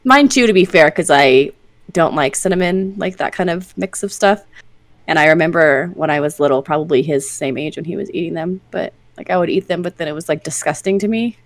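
A woman co-hosting a podcast, talking in a loose, rambling way full of "like" and "you know." Her voice sits on the low side. The recording is dry and close. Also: fairly quick, no echo. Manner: chatty, rambling, with filler words and giggles. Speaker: podcast co-host. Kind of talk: casual chat.

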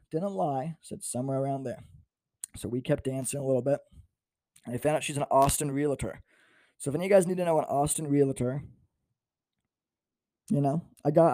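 A man's voice: fairly high pitch, dark tone, dry recording, clean studio sound. A man in his twenties, a stand-up comedian, telling self-mocking stories in a playful monologue with swings in volume. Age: 20s.

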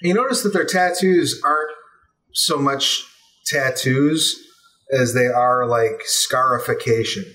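A man narrating as game master, relaxed and halting with fillers. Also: mid-range voice, low-quality recording.

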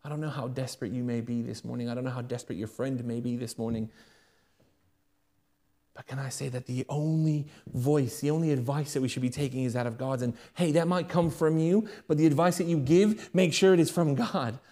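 A young British man preaching a sermon as a pastor, swinging between loud raised appeals and hushed, quick asides. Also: mid-range voice. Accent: British English.

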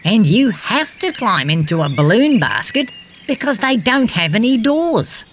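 A woman's voice: on the high side, very animated, measured pace, slight background noise. Simon, a woman voicing a cheerful tree frog. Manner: gentle, guiding, fond of silly jokes. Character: cheerful fact-loving male green tree frog. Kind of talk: storybook narration for children.

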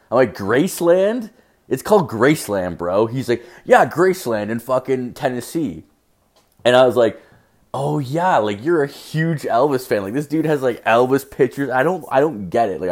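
A rowdy young man from Canada tells a story on his podcast, swearing constantly and playing out both sides of the exchange. His voice sits a little low, and he talks in a loose, casual way. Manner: profane, rowdy, acts out both sides of dialogue. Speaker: podcast host.

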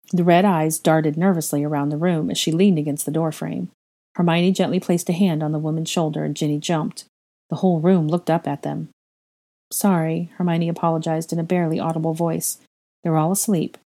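Low-voiced woman reading a story aloud. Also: mellow. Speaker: reader of fan fiction. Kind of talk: audiobook-style story reading.

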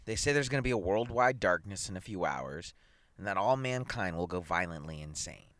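A man's voice: low voice, animated, a little fast, fairly bright tone, no echo. A man reading aloud, voicing a curious, wisecracking male newspaper columnist in a casual tone.

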